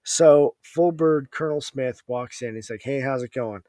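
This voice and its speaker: A man's voice: mid-range voice, moderate pace, mellow, no echo, studio quality. A man, an Army veteran guest, telling war stories in casual podcast chat in a laid-back, profane way.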